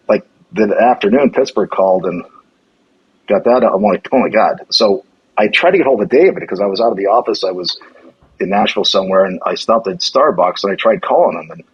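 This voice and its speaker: Middle-aged guy spinning stories on a podcast, low raspy voice, kinda muffled lo-fi sound. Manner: animated storyteller acting out quoted lines, many restarts. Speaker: former hockey general manager, guest. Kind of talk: casual chat, storytelling.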